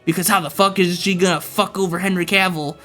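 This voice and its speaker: A man's voice: high-pitched, fairly even intonation, quick pace, a bit bright. Man ranting profanely over faint music. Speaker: livestreamer. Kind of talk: casual ranting to stream chat.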